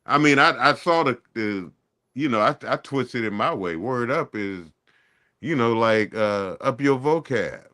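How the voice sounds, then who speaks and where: A man's voice: medium pitch, expressive, a little slow, sharp tone. A man hosting a casual radio chat, laid-back and peppering his talk with you know what I'm saying.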